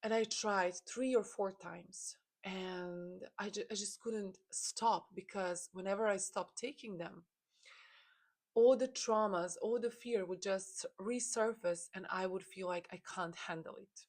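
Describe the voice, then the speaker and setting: A woman's voice: mid-range voice, measured pace, a little mellow. Earnest woman, motivational. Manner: earnest and intense, with many restarts and repeated phrases. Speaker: spiritual content creator. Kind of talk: personal story, motivational talk.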